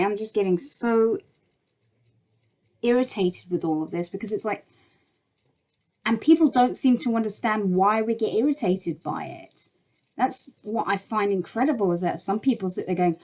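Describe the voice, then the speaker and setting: A woman's voice: medium pitch, darkish tone, rough recording. A woman vlogger delivering a heated opinion rant to camera, exasperated and blunt, swearing freely. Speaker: YouTuber.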